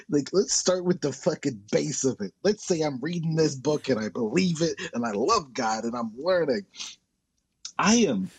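Ranting, profane man, husky voice. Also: fairly high pitch, a little mellow, dry recording. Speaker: podcast co-host. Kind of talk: casual comedic chat.

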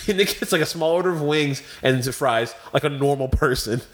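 A man's voice: a little high, moderate pace. A man hosting a podcast, chatting casually, rambling with fillers and laughter. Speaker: podcast host. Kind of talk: casual chat.

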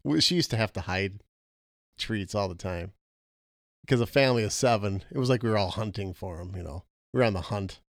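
A man's voice: on the low side, brisk, creaky, dry recording, clean studio sound. A middle-aged man co-hosting a podcast, chatting casually and joking at his own expense, often laughing. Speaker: podcast co-host. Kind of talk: casual chat. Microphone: podcast mic.

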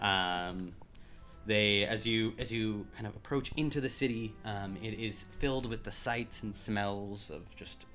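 A man narrating as game master of a tabletop game, describing scenes in a relaxed way with frequent ums. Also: fairly low pitch, unhurried, faint music behind.

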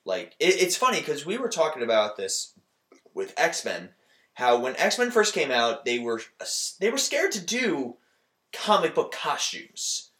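Man, podcast host, lively pitch, laughs a lot, roomy sound. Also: a little slow. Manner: animated, laughs often. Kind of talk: casual chat.

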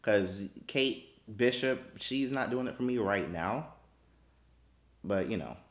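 A man chats as a podcast guest in a laid-back, drawn-out way. His voice sits low but rises and falls a lot. The room is echoey. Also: lively intonation. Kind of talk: casual chat.

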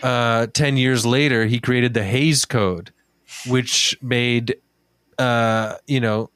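A man's voice: medium pitch, fairly even intonation, slow pace, fairly bright tone, clear, resonant tone, dry recording, clean studio sound. A man co-hosting a casual talk podcast, telling a story in a chatty way, swearing freely and filling with "like". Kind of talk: casual chat.

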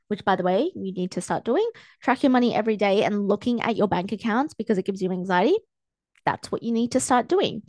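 A woman's voice: mid-range voice, darkish tone, no echo. A young woman hosting a solo podcast, talking casually and encouragingly as a personal-growth coach. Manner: chatty, encouraging, self-help coaching tone. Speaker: podcast host. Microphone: close podcast mic, filmed for video.

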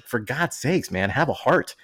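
A man's voice: medium pitch, big pitch swings, unhurried, fairly bright tone, husky. A man co-hosting a podcast in casual chat, joking and rambling, laughing often and reading labels aloud in mock seriousness. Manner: reads can labels aloud mockingly. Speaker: podcast co-host.

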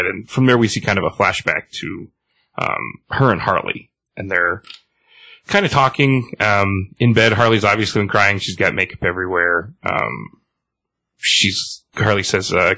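A man's voice: low-pitched, measured pace, vocal fry, pushed and bright, no echo. A man hosting a podcast, recapping a comic book casually, rambling with many fillers and restarts.

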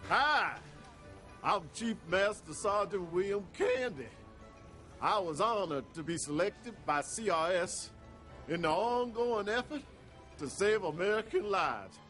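A man's voice: sits high, lively intonation, a little slow, sharp tone, soft background music, exaggerated voice. A man playing a formal adult male military officer in a film clip, his voice dubbed with an odd accent. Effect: film clip played back. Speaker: soldier in a deleted film scene.

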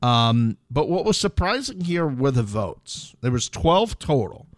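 A man's voice: mid-range voice, sing-song, unhurried, no room sound, clean studio sound. A man co-hosting a casual reality show recap podcast, talking in an easygoing way with lots of fillers. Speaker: podcast co-host.

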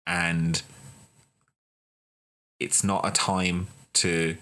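A young man with a notably low, deep voice delivers an impassioned monologue about wrestling to his channel viewers. He hammers his points home with repeated phrases and rising emphasis. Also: flat delivery, extremely slow, bright, forceful tone. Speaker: wrestling video host.

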